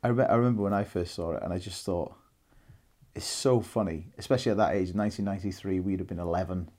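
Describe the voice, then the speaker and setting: A man's voice: low voice, quick pace, dark tone. A Welsh man in his thirties co-hosting a casual film podcast, chatty and rambling, laughing often. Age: 30s. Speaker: podcast co-host.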